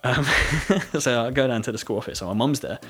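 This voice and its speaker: A young British man with a husky voice, casually telling a school story with lots of "like" fillers and laughter. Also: medium pitch, brisk. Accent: British English. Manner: rambling storytelling with frequent "like" fillers, laughing often. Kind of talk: casual chat.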